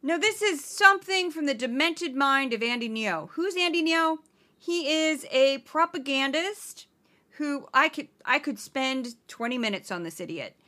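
A woman's voice: high-pitched, expressive, measured pace, bright, forceful tone. A woman hosting a podcast, giving sarcastic, exasperated satirical news commentary. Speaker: podcast host.

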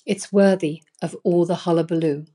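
A woman's voice: on the low side, fairly even intonation, normal speed, dark tone, slightly rough. A woman hosting and reading her own newsletter aloud, earnest and emphatic, with sudden stressed words, in her bedroom. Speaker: newsletter host.

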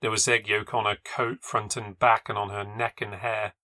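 A man's voice: fairly low pitch, little pitch movement, pushed and bright, dry recording. Wry man reading a ghost story. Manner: wry, measured, reflective. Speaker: podcast narrator. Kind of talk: scripted first-person ghost story narration.

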